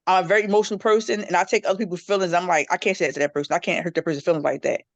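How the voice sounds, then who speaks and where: A middle-aged woman chatting casually in a group discussion, telling stories with lively quoted voices. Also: very fast, no room sound. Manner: animated storytelling, jumps into high-pitched quoted voices. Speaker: panel guest. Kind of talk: casual chat.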